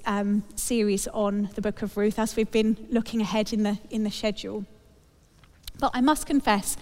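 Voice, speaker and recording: A woman's voice: on the high side, in a large hall. A woman preaching a sermon in a chatty, wry manner to a congregation in church.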